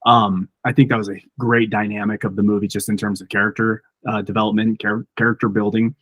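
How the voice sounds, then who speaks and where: A man's voice: lowish voice, little pitch movement, a little fast, no echo, highs cut off. A man co-hosting a film podcast, speaking steadily and guiding the conversation. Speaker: podcast co-host. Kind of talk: casual film discussion.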